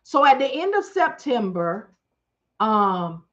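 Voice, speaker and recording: A middle-aged woman telling a story casually on her livestream, chatty and animated, calling out questions to her viewers. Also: fairly high pitch, slow. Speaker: livestream host. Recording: dull lo-fi stream audio.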